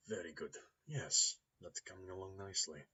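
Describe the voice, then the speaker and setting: A man reading as a soft-spoken cultured Russian man. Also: low voice, slightly rough, full character voice. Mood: polite, cultured. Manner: soft-spoken, measured and courteous. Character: cultured, polite Russian male rigger. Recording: slightly dull lo-fi recording.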